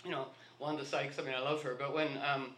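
A man's voice: mid-range voice, little pitch movement, fast talker, pushed and bright, a little hiss or hum. A man telling rambling anecdotes in a casual talk, acting out the dialogue of the people in his stories. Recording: echoey room.

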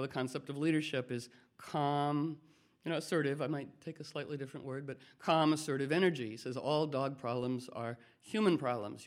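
A man giving a rambling, playful talk to a group as a spiritual teacher, drifting between ideas and acting out quotes in lively voices. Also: a little high.

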